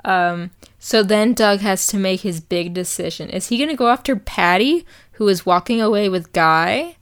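A woman co-hosting a podcast, recapping a cartoon in animated, casual chat full of swearing and acted-out quotes. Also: mid-range voice, normal speed. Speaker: podcast co-host.

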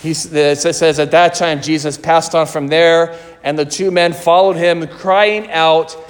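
A man's voice: a little high, level tone. Male preacher, earnest sermon delivery, long church-hall reverb. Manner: slow, earnest, questioning delivery.

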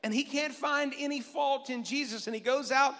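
Male pastor, high voice, chatty preaching style with questions to the room, echoing church hall. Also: fairly even intonation, normal speed, a bit bright. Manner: conversational, asks the congregation questions. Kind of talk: sermon with scripture reading. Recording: long reverb in a large hall.

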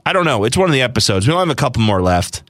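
Bright-voiced male podcast host. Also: mid-range voice, big pitch swings, racing, dry recording, clean studio sound. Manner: friendly, rambling with fillers. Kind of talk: casual podcast chat.

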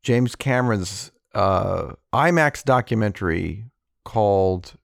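A man hosting a podcast, talking about films in a halting way with many fillers. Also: lowish voice, animated, creaky, dry recording, studio quality. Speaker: podcast host. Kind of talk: casual film review chat.

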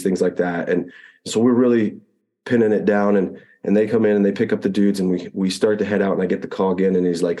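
A man with a fairly low, mellow voice tells an old combat flight story in a relaxed interview. He acts out the radio calls as he goes and often restarts his sentences. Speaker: Apache pilot telling a war story.

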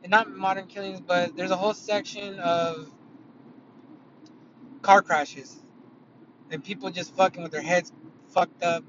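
A man's voice: high-pitched, fairly even intonation, takes it slowly, long pauses. A man telling a story in a casual, rambling way, swearing a lot and using many fillers, recorded inside a car. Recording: dull lo-fi audio with loud car noise.

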